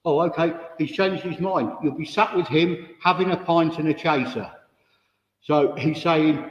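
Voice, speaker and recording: A man speaks as a spiritualist medium, chatty and direct as he singles out people in the audience. His voice sits a little high and rings through a village hall with a long echo. Recorded without a microphone, the sound is dull and distant. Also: unhurried. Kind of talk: mediumship demonstration. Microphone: no microphone, room recording.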